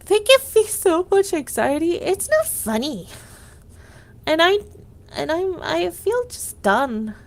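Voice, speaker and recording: A woman with a high-pitched voice talks casually on a livestream. She vents in a rambling way, restarting sentences and leaning on "like" as she goes. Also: big pitch swings, slow pace. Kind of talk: casual venting monologue.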